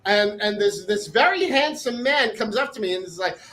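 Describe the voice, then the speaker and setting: Bright high-voiced man rambling on a call. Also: animated, moderate pace, rough recording. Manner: rambling with many fillers. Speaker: co-host. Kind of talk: casual video-call chat.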